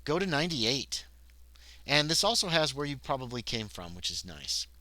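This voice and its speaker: A man's voice: mid-range voice, very animated, moderate pace, pushed and bright, no room sound, poor audio. A man playing a solo tabletop horror scenario on a livestream, reading the text aloud and breaking off into muttered asides. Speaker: solo tabletop game player and narrator.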